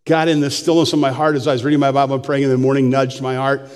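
A man's voice: mid-range voice, little pitch movement, quick pace, darkish tone, clean tone. An older man, a pastor, preaching a sermon with folksy, humorous storytelling in a church sanctuary. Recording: long church hall reverb.

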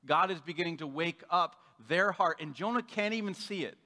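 A man's voice: a little high, brisk, bright, forceful tone, big-room sound. A man preaching a sermon in a casual, conversational way, acting out the voices of the people in the story. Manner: conversational, acts out quoted voices. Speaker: pastor.

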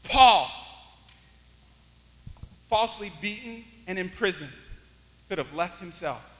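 A pastor preaching a sermon, swinging from loud exclamations to hushed near-whispers. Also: male voice, high-pitched, expressive, slow, in a large hall, slight background noise, poor audio.

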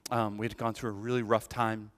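A man's voice: lowish voice, level tone, a little fast, fairly bright tone, big-room sound. A man preaching a sermon as associate pastor, telling a story animatedly and checking in with "right?".

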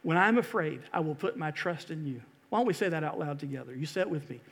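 A man preaching a sermon as pastor, impassioned, swinging from loud rousing calls to quiet earnest pleas. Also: fairly high pitch, animated, fast, gravelly, slightly rough, long reverb tail. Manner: impassioned, rising to loud exhortation and dropping to hushed pleas.

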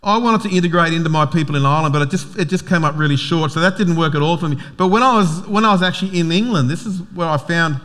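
A man's voice: fairly high pitch, fast talker, few pauses, a bit bright. A man with an Australian accent, a pastor giving a casual, joking sermon full of fillers and restarts.

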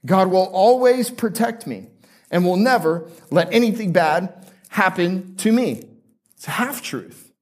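A man's voice: high voice, animated, a little slow. A male pastor preaching a conversational sermon to a live congregation, joking and asking them questions.

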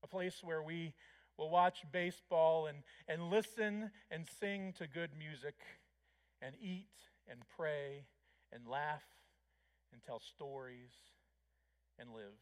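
A male pastor giving a sermon in a somewhat high voice. He speaks in a measured, reflective way, with small pauses and hesitations.

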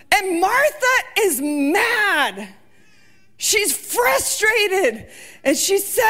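A woman preaching a sermon with impassioned delivery, rising to shouts and near tears as she retells scripture. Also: extremely high pitch, big pitch swings, very slow.

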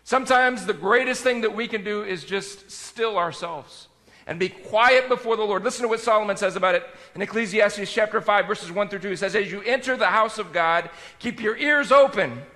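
A man preaching a sermon as pastor, talking in a conversational way that swings between loud and quiet. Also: sits high, long reverb tail.

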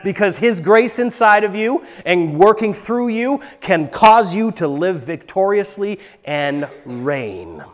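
A man with a notably high voice preaches an emphatic sermon and hammers his points home by repeating words. He is recorded in a church, and long reverb from the large hall trails after his lines. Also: sing-song, slow pace, hardly any pauses. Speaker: pastor.

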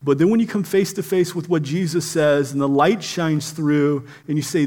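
High-voiced earnest male preacher. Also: moderate pace, few pauses. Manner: earnest, often stumbles and repeats words at phrase starts. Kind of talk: sermon.

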